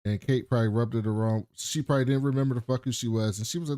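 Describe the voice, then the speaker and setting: A man's voice: medium pitch, fairly even intonation, racing, dark tone, dry recording. A man co-hosting a podcast, retelling scenes in casual chat, swearing freely and acting out quotes. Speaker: podcast co-host.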